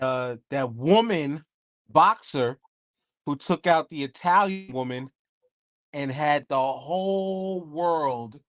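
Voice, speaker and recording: A man's voice: mid-range voice, no room sound, clean studio sound. A man co-hosting a casual podcast chat, cracking jokes, swearing freely and boasting about his punchlines. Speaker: podcast co-host.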